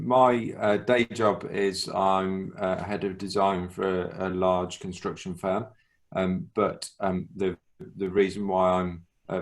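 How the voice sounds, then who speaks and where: A man co-chairing an online community workshop on a video call, speaking haltingly with many pauses and restarts. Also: low-pitched.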